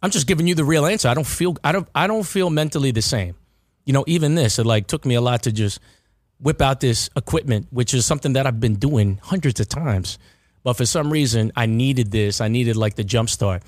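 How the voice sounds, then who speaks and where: A man's voice: medium pitch, a little fast, no echo, studio quality. A man hosting a casual podcast chat, rambling with restarts and repeated words. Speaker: podcast host.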